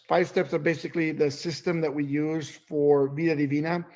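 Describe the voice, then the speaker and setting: High-voiced man telling animated stories. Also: a little fast. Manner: animated storytelling, acts out voices. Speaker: business trainer. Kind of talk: sales training talk.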